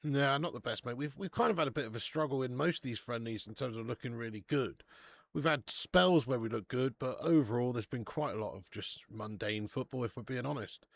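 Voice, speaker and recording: A man's voice: mid-range voice, fairly quick, vocal fry, no room sound. A man hosting a live football watch-along, reading out viewer messages and bantering with plenty of swearing and laughter. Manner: reads out viewer super chats.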